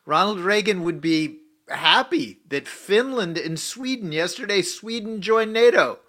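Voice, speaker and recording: A man's voice: high-pitched, expressive, unhurried, bright, forceful tone. A man co-hosting a political talk radio show, emphatic, tossing in "right?" as he argues. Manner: emphatic, repetitive "right?" asides. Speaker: radio co-host.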